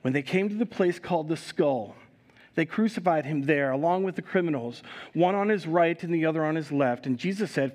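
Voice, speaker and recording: A male pastor giving a communion sermon in a live church service, reading scripture expressively and adding relaxed, conversational asides. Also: fairly high pitch, fairly quick. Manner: reads scripture expressively, raising voice for quoted speakers.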